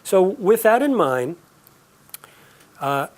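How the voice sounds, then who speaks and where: A man teaching a live class, explaining and telling stories in a relaxed, conversational way. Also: high-pitched, slow. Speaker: aromatherapy teacher.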